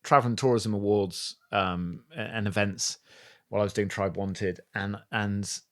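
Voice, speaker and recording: A man's voice: fairly low pitch, fairly even intonation, normal speed. A man guesting on a podcast, telling stories with enthusiasm in a casual conversational way, often restarting his sentences.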